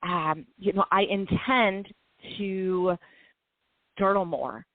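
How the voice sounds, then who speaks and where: A woman's voice: mid-range voice, fairly even intonation, no room sound. Woman talking candidly and from the heart, tinny phone sound, very dry, no room. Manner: emotional, heartfelt, quick bursts and slow stretches. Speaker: podcast co-host. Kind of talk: candid personal storytelling.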